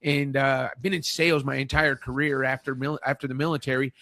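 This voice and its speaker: A man's voice: mid-range voice, little pitch movement, brisk, vocal fry, sharp tone, no echo. A man hosting a podcast interview, enthusiastic and encouraging with his guest. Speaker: podcast host. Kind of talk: casual interview.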